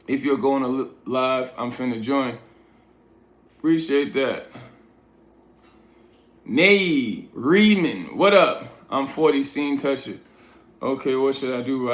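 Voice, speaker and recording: A livestream host with a New York accent speaks at medium pitch in a roomy-sounding recording. On his casual stream he reads viewers' comments aloud, coaching and scolding them bluntly.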